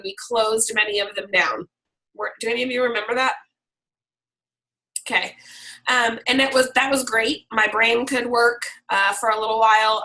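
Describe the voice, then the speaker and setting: A hoarse woman leading her sales team on a video call, talking in a chatty, upbeat and loose way. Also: a little high, sharp tone, poor audio. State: hoarse, frog in throat.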